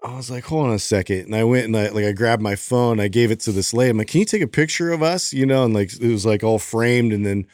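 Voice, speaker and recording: A man's voice: fairly low pitch, quick pace, few pauses, no room sound, studio quality. A man co-hosting a podcast, telling a long story in casual chat and acting out the voices of people in it. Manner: animated, acts out voices in his stories. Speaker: podcast co-host.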